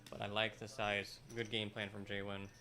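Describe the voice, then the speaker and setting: A man giving measured, strategic live commentary on a poker game. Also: on the low side, monotone, sharp tone.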